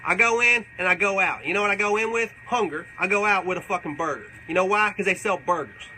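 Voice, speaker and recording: Brief: a man as a profane old backwoods guy, rambling and boastful, voice pitched a bit high and very bright. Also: quick pace, a little hiss or hum, poor audio. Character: crude rambling older backwoods man, beer-loving. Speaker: comedic character. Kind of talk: live comedic Q&A in character.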